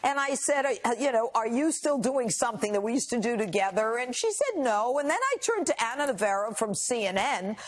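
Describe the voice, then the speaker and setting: A woman in her sixties, a guest on a cable news interview, telling her story in an indignant, animated way. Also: fairly high pitch, fairly quick, hardly any pauses.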